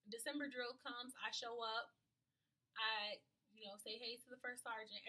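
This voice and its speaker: Bright, husky young woman telling a story. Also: on the high side, rough recording. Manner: emphatic, blunt, swears freely. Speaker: vlogger and army reservist. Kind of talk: casual storytime vlog.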